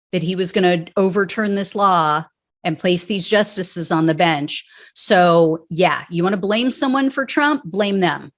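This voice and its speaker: A woman hosting her own political commentary show, ranting angrily and bluntly with plenty of profanity. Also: medium pitch. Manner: mocking impressions of politicians. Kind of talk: solo political commentary rant.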